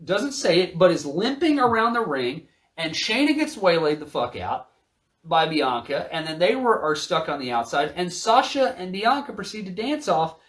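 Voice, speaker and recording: A man's voice: high voice, big pitch swings, moderate pace, a bit bright. A man co-hosting a podcast, recapping wrestling in casual, profane chat while reading from his notes. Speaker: podcast co-host.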